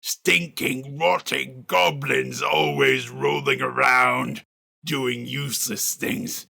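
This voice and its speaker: A man voicing a hateful male bugbear boss in a deep, snarly, throaty growl, slow and dragging. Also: lively intonation, gravelly, sharp tone, no room sound, clean studio sound, heavily acted. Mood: disgusted.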